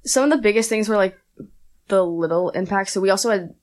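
A young woman guest in a casual interview, telling a story quickly and chattily, with lots of "like" and laughter. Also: medium pitch. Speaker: aspiring wrestler guest.

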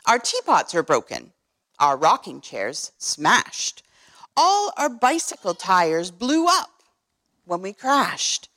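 A woman's voice: mid-range voice, huge pitch swings, takes it slowly, bright, forceful tone, no echo, heavily acted. A woman voicing a worried tiny male mayor, pleading in rhyming storybook verse. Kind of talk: reading a picture book aloud.

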